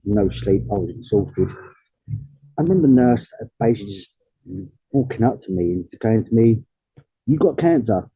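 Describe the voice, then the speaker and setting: A man's voice: on the low side, normal speed, long pauses, slightly rough, no echo. A young man plainly retelling his own illness story, with many fillers, on tinny audio. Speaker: patient sharing his story. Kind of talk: personal testimony.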